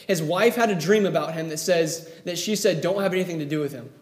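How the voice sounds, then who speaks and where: A man's voice: on the high side, fast. A man preaching a sermon who retells a story vividly and acts out the quoted lines. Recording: echoey room.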